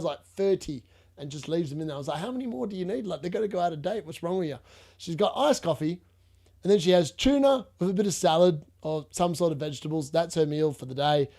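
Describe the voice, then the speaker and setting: Chatty Australian man, fairly high voice. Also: darkish tone. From Perth, Western Australia. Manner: chatty, rambling, laughs often, blunt slang. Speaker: fantasy football streamer. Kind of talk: casual live-stream chat, answering viewers.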